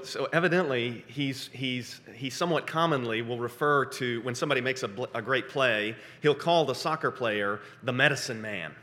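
A man preaching a sermon, animated, breaking into sudden high excited bursts when he acts out quotes. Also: in a large hall. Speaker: pastor.

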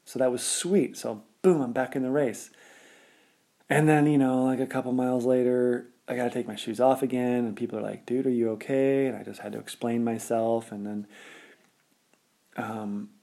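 A man's voice: mid-range voice, level tone, moderate pace, gravelly, warm tone. A young adult man telling a personal story in a casual, rambling, laid-back way, full of filler words.

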